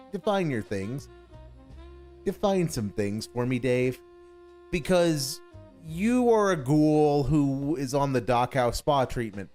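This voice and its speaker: Guy ranting over a clip, sarcastic and fed up, pitch swinging all over, music faint underneath. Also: a little mellow. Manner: sarcastic, exasperated, mocking. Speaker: stream commentator. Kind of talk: reaction commentary.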